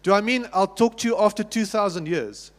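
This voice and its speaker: Pastor, South African man, high voice, chatty sermon delivery, church hall reverb. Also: brisk. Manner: conversational preaching with repeated restarts and questions to the congregation. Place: church sanctuary.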